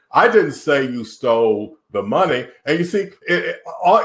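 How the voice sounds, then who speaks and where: Lively, emphatic man teaching in an echoey room. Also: medium pitch. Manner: emphatic, with rhetorical questions and acted example lines. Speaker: webinar co-presenter. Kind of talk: teaching talk to business couples.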